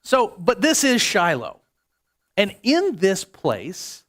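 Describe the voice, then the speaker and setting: A man's voice: fairly high pitch, fairly bright tone. A male pastor delivering a sermon in a conversational, jokey way, often restarting his sentences.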